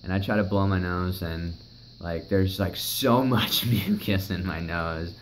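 Deep-voiced young man telling a story. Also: measured pace, a little hiss or hum, low-quality recording. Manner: emotional, rambling, heavy swearing. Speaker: vlogger. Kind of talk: personal storytelling.

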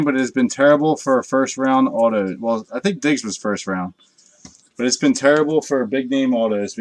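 A man's voice: mid-range voice, dry recording. A man hosting a live card break, chatting casually with viewers and swearing freely as he opens packs late at night. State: tired from a long night.

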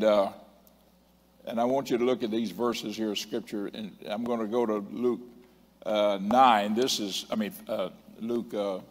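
A man preaching a sermon as a bishop, with drawn-out, emphatic phrasing, repeated refrains and self-corrections. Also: on the low side. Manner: stumbles over references and corrects himself. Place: large church sanctuary. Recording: long reverb of a church hall.

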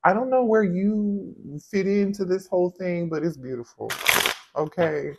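A man with a fairly high voice gives a casual tarot reading. He is animated and exclaims often. He talks straight to his viewers as if they were friends. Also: measured pace, vocal fry, lo-fi sound. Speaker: tarot reader.

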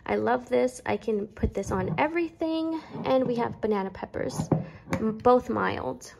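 A woman's voice: mid-range voice, a little slow, gravelly, background noise. A young woman chatting casually through her grocery haul at home, a little out of breath, with many fillers. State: pregnant, slightly out of breath. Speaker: vlogger.

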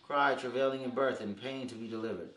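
A man reading scripture aloud during a Bible study, steady in reading but hesitant when answering. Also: medium pitch, quick pace, echoey room, a crowd in the background. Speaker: scripture reader.

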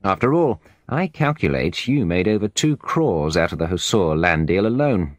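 A man's voice: sits low, lively intonation, normal speed, no echo, clean studio sound. A man voicing a defiant former manager in an audiobook, speaking confidently with a raised, pressing voice. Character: defiant foreign ex-manager, confronting his enemies.

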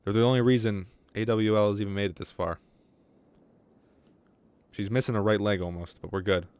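A fairly low-pitched man with a darkish, clean tone speaks fairly quickly and with fairly even intonation; there's no room sound. As a gaming streamer on a live game stream, he rambles and jokes casually with viewers, swears freely, and breathes with some wheeze.

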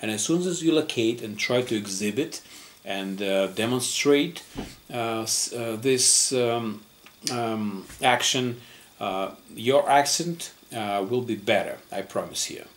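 A man with a Russian accent, a native Russian speaker, explaining an English lesson patiently, step by step, with frequent pauses. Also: mid-range voice. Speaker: English teacher.

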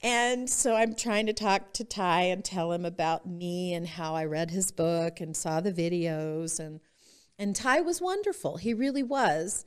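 A middle-aged woman from Utah, a podcast guest telling her personal story in an expressive way and laughing often. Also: lowish voice, measured pace, smooth.

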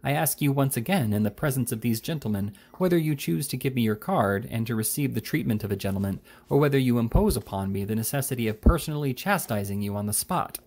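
A man's voice: medium pitch, animated, fast talker, few pauses, darkish tone. A man voicing a wrathful little doctor who speaks in a stern, demanding way.

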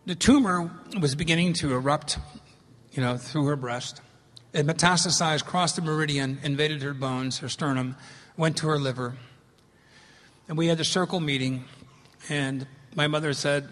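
A man in his fifties giving an animated, emphatic public science lecture in a large hall. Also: fairly high pitch. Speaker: lecturer on fungi. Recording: long reverb of a lecture hall.

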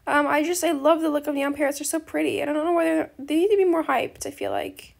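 Woman, high voice, gravelly fry, rambling gaming chat, slangy and gushing. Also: fast. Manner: chatty and rambling, peppered with slang like bestie and slay; apologetic, gushing reactions to other players. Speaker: gaming video creator. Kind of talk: casual chat while playing a game.

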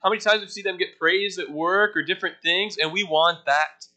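His voice sits high, with a brisk pace and sharp tone, as a young man serving as pastor delivers a casual teaching sermon in church. He talks conversationally with the congregation, quizzes the room, and jokes about himself.

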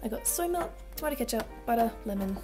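A bright-voiced young woman from Australia talks through a casual tour of her tiny flat, her accent slipping toward British now and then. She rambles with fillers and giggles. The sound is echoey, with soft music underneath. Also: on the high side, fast. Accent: Australian, drifting British. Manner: chatty, giggly, lots of fillers. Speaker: vlogger. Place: small apartment room. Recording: echoey small room, faint background music.

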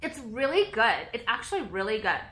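This beauty vlogger's voice is fairly high, sing-song, and fairly bright as she chats to camera at home. She rants fast and dramatically, cursing freely and leaning on "like" constantly.

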